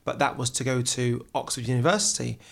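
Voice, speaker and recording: A man's voice: mid-range voice, steady tone, brisk, gravelly. English guy, tv presenter on a podcast, earnest and reflective, just telling his story, medium voice. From England. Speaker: TV presenter, guest. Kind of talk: conversational interview.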